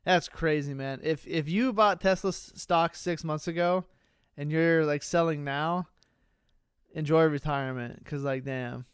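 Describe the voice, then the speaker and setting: A man's voice: on the high side, unhurried, smooth, no echo, clean studio sound. A man co-hosting a casual streaming podcast, rambling with many fillers and restarts. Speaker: podcast co-host.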